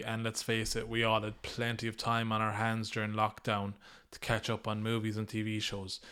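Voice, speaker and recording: A man's voice: on the low side, a bit bright, clear, resonant tone. A man hosting a solo podcast, giving his opinions in an easygoing, conversational way. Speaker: podcast host.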